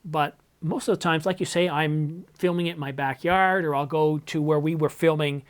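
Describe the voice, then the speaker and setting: A man's voice: fairly high pitch, fairly even intonation, moderate pace, clear, resonant tone. A middle-aged man from Canada, casually answering viewer questions on his filmmaking channel, rambling and correcting himself with dry little jokes. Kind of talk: casual Q&A monologue.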